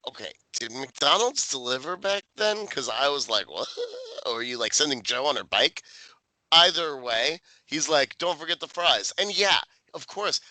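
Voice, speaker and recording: A man co-hosts a casual podcast, walking through a sitcom episode with crude jokes and quick impressions of the characters. His voice is bright and forceful, in a mid-range pitch. The sound is close and dry, with no room echo. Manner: profane, jokey, acts out characters' lines. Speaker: podcast co-host. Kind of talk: casual recap chat.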